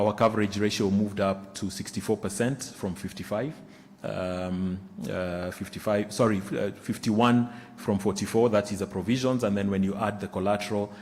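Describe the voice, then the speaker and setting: A man walks through financial results in a somewhat low voice. He pauses often, restarts phrases and fills gaps with "uh" and "um." The sound carries the long reverb of a large conference hall. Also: a little hiss or hum. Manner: halting, many fillers and restarts. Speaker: bank executive presenting results. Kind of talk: results presentation. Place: conference room.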